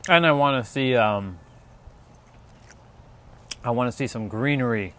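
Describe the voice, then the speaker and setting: A man's voice: medium pitch, a little slow, sharp tone. A man hosting a casual spiritual livestream, chatting loosely with viewers and rambling with many fillers.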